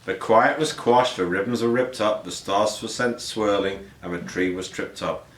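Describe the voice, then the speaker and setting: A man's voice: fairly low pitch, moderate pace. A man reading a rhyming picture book aloud in a rhythmic cadence, with some slips and restarts. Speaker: storyteller. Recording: roomy echo.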